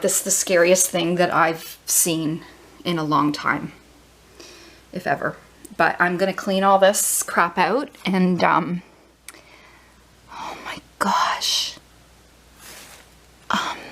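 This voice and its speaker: Flustered rambling woman vlogger. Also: on the low side. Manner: rambling, flustered, many fillers and restarts. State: shaken, voice trembling. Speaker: home DIY vlogger. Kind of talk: casual rambling vlog talk.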